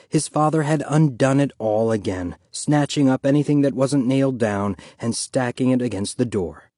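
A male audiobook narrator reads scripted material in a steady, medium-pitched voice at normal speed. The studio-quality recording has no echo.

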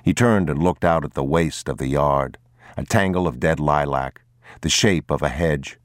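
A man reading a novel aloud in a grave, measured audiobook narration. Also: very deep voice, dry recording.

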